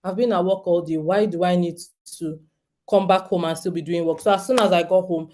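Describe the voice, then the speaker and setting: A woman's voice: fairly low pitch, steady tone, a little fast, mellow. A Nigerian woman in her thirties giving an earnest, direct talk to homeschooling parents, often turning to the audience with questions. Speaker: homeschooling speaker.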